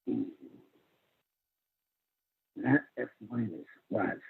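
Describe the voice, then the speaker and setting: A man speaks in a slow, wandering monologue, drifting into half-sung lines and sudden high exclamations. His voice is gravelly and very husky, with a fairly high pitch. The sound is thin and phone-like. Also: lively intonation. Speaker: self-styled spiritual teacher. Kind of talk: rambling spoken monologue with singing. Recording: phone-quality lo-fi audio.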